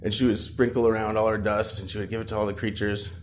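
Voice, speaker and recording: A man casually improvising a bedtime story, animated, with fillers and pauses. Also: lowish voice, slight background noise. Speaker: parent telling a bedtime story.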